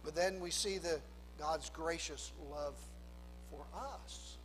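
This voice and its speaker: A man preaching a sermon as a pastor, swinging between hushed low phrases and loud emphatic lines. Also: slow pace, big-room sound, slight background noise, low-quality recording. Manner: preaching with dramatic drops to a hush and rising emphasis.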